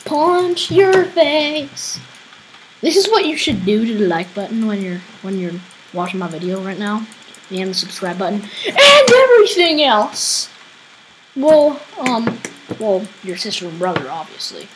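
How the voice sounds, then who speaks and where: A woman hosting a game channel, giving casual let's-play commentary, excitable and yelling at opponents. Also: medium pitch, normal speed, background noise. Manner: excitable, squealing and shouting at opponents. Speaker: gaming channel host.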